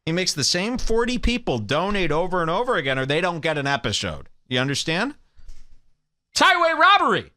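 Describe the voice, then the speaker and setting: A man hosting a live stream, mocking a rival show with sarcastic, salesman-like pitches. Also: very animated, a little fast, hardly any pauses, bright, forceful tone, no room sound. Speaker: host. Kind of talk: mock-promotional live stream commentary.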